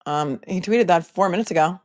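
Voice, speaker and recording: A woman's voice: on the low side, brisk, no echo, studio quality. Snarky chatty woman livestream host. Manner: snarky, chatty, frequent hesitations. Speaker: livestream host reading viewer comments. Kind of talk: casual live-stream commentary.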